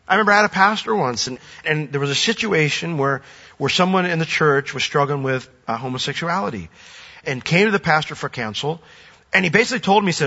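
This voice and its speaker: A pastor preaching a sermon, lively and animated, often acting out voices. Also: male voice, on the high side, brisk, slightly rough. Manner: animated, acts out quoted voices. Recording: dull recording with long hall reverb.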